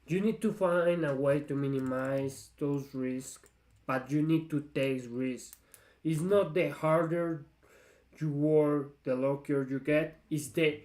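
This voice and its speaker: A man's voice: a little high, darkish tone, roomy sound. A man commenting on a clip for his vlog, musing and trailing off as he thinks. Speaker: vlogger.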